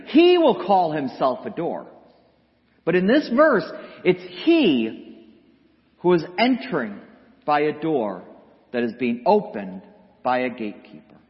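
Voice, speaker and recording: A man preaching a sermon as pastor, slow and emphatic with dramatic pauses. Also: mid-range voice. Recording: dull sound with long hall reverb.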